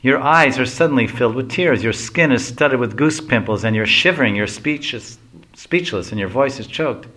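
A man's voice: mid-range voice, lively intonation, moderate pace, sharp tone. A man voicing a sweet, caring young girl speaking tenderly to her friend. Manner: tender, concerned.

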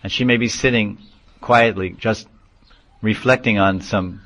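A man's voice: lowish voice, poor audio. A man giving a devotional class lecture, explaining terms and acting out little stories with quoted voices and chuckles. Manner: animated storytelling, acts out quotes, chuckles often; repeats and restarts phrases, explains terms. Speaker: lecturer on scripture.

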